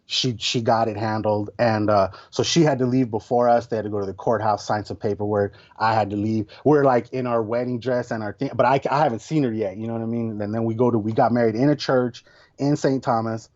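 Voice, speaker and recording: A man's voice: mid-range voice, brisk. A man guest on a podcast, telling a story in a casual, slangy way, swearing often and acting out other people's lines. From Tucson area, United States. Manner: animated, slangy, swears a lot, mimics others loudly. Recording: dull lo-fi podcast audio.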